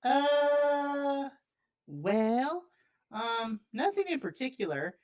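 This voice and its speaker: Woman putting on a young boy, sheepish, hesitant, raised pitch. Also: sing-song, drawn-out words, a little mellow, exaggerated voice. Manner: sheepish and hesitant, full of fillers. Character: young boy, a magician's mischievous assistant.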